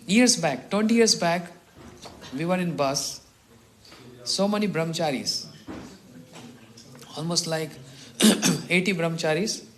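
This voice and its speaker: A middle-aged man from India, a monk telling stories in a morning talk who chuckles often and clears his throat. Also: high-pitched, fairly bright tone. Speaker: monk teacher.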